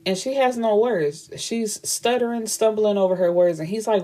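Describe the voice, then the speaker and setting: Blunt, chatty woman with a mellow voice. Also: mid-range voice, normal speed. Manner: blunt, profane, chatty storytelling with quoted dialogue. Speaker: book reviewer. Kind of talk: casual plot retelling.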